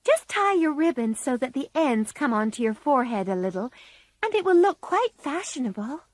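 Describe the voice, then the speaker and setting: A woman's voice: high-pitched, big pitch swings, moderate pace, no echo, voice pushed up. A woman voicing a prim young girl, the youngest sister, in a storybook reading. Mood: reassuring.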